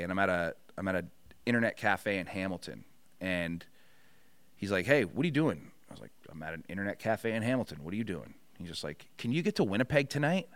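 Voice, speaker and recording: Profane low-voiced man telling a story. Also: smooth, no echo. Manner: profane, animated storyteller acting out quotes. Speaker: podcast guest. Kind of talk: casual storytelling chat.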